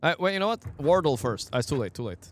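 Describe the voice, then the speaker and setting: A man streaming a game, giving casual, excitable commentary, swearing often and talking to his chat. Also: a little high, quick pace.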